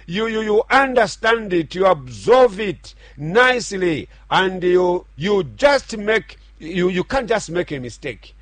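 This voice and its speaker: Middle-aged pastor, radio sermon, fairly high voice, slow, dry close sound. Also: male voice, sing-song, fairly bright tone, dry recording. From Zambia. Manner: earnest preaching with repetitions and restarts.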